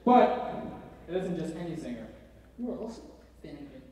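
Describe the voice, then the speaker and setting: A man performing a live comedy magic act on a convention stage, goofy and hyper with sudden bursts of yelling. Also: a little high, big pitch swings, a little fast, very noisy. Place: large convention hall stage. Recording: echoey hall from far off. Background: loud laughing, cheering crowd.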